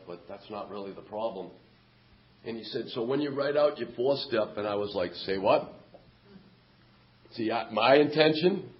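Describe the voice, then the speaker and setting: A man's voice: fairly low pitch, lo-fi sound, a little hiss or hum. A middle-aged man telling his story at a recovery meeting, candid and self-mocking. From Massachusetts, USA. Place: meeting hall.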